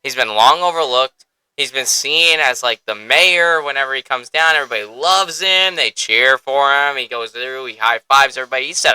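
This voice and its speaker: A man hosting a podcast in casual chat, excitable and profane, often breaking into laughter. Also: medium pitch, normal speed, clear, resonant tone, dry recording, low-quality recording. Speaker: podcast host.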